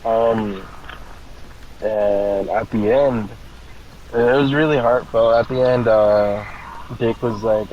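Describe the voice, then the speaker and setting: A man's voice: lowish voice, steady tone, slow pace, pauses often, muffled recording, a little hiss or hum. A man giving casual gaming commentary, rambling through a story with lots of swearing. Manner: rambling, swears a lot, frequent laughs.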